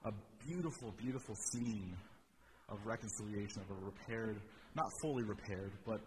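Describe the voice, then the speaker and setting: A man's voice: fairly low pitch, moderate pace. A man preaching a conversational sermon, reading scripture and adding wry asides, often repeating his words. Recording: steady background ambience noise.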